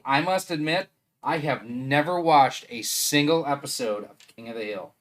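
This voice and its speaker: A man with a Wisconsin accent chats casually on a live stream while assembling a 3D printer, rambling and thinking aloud. His voice is medium-pitched and a bit bright, at a normal speed.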